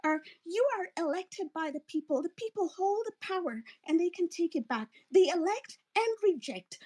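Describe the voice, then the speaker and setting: A woman with a Kenyan accent and a strikingly high voice rants in anger. Her political monologue is profane and heated. She breaks off and restarts her sentences often. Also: expressive, moderate pace, hardly any pauses, a little mellow. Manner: angry, profane, ranting, self-interrupting. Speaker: political commentator.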